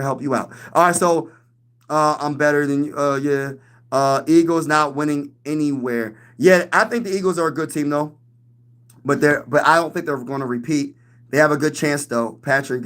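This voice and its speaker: Here the young streamer's voice is mid-range and fairly bright. On his casual sports livestream he builds hype, reads chat messages aloud and replies to them, and trash-talks opposing teams.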